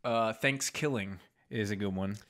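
A man's voice: on the low side, unhurried, a bit bright. Emphatic, jokey podcast co-host man. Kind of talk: casual podcast chat.

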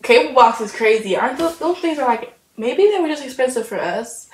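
A woman's voice: high voice, animated, a little fast, roomy sound, low-quality recording. A woman hosting a reaction video, chatting casually and rambling into stories.

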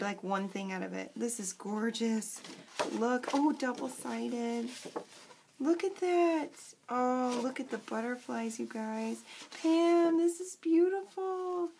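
A young woman, gushing and excited as she chats to camera in a home craft vlog, full of fillers and asides. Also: on the high side, creaky, background noise. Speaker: craft vlogger. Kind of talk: casual chat to camera.

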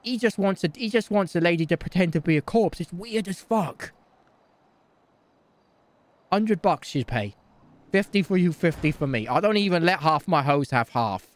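Brash, high-voiced man rambling in role-play. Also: animated, moderate pace. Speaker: streamer playing a role-play character. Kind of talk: improvised game role-play.

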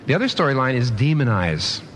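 A man preaching a sermon as pastor, with animated delivery and frequent restarts. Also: medium pitch, a little fast, slight background noise. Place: church.

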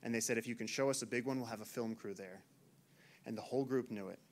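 A man in his thirties from the United States, a naturalist giving an animated storytelling talk to an audience in a lecture hall. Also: medium pitch, fast talker. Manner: animated, acts out shouted quotes.

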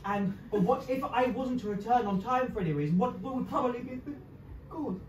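A woman's voice: a little high, expressive, fairly quick, darkish tone, close to an everyday voice. A woman playing a lovelorn woman pining on a date, improvised live on a comedy club stage. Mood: curious. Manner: dramatic, pleading. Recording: echoey club from far off, audience noise.

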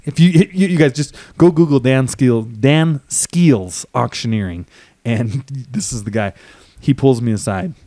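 A man telling a story on a podcast, lively and laughing often, acting out what people said to him. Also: mid-range voice, unhurried, no echo. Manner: animated, laughs often, acts out quotes. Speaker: podcast guest, auctioneer and trucker. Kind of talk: casual storytelling.

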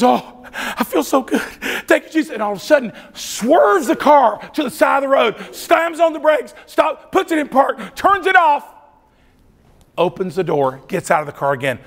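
A middle-aged man telling a story as a youth conference preacher, acting out the voices as he goes. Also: extremely high pitch. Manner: animated storytelling, acts out voices. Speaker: youth speaker. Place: large church hall. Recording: reverberant hall.

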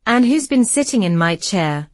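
A woman's voice: medium pitch, very animated, normal speed, no room sound, clean studio sound, lightly acted. A woman voicing a small male bear cub in a storybook reading, squealing his complaints. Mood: upset.

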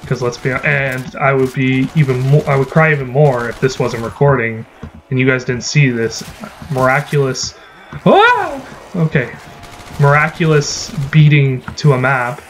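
A man's voice: mid-range voice, level tone, moderate pace, a little hiss or hum. A man giving casual, rambling gameplay commentary as a gaming channel host, swearing when frustrated.

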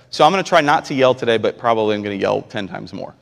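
Impassioned pastor in a reverberant church. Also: male voice, fairly low pitch, animated, very fast, gravelly, hardly any pauses. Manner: impassioned, swings between quiet and near-shouting. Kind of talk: live sermon. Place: church sanctuary. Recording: long reverb of a large church hall.

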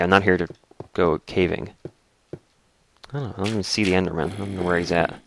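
Brief: man, dry throat, deep voice, relaxed rambling let's-play host. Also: background noise. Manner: rambling, relaxed, narrates as he plays. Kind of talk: casual gaming commentary.

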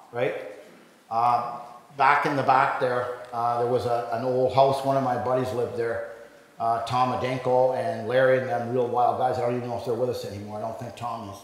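Man, sixties, rambling church testimony, mid-pitched voice, booming echo, long hall reverb. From Ontario, Canada. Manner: rambling, conversational storytelling with many restarts and fillers. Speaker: guest speaker giving testimony. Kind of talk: personal testimony at a church men's breakfast.

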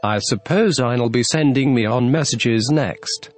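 A man voicing a curious, polite young girl in a storybook reading, gently wondering aloud to herself. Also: medium pitch, measured pace, soft background music, close to an everyday voice.

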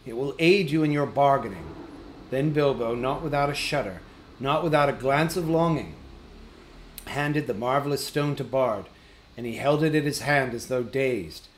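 A man narrating a fantasy novel as an audiobook reader, in a steady, even storytelling manner. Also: mid-range voice, moderate pace, reverberant, slight background noise, low-quality recording.

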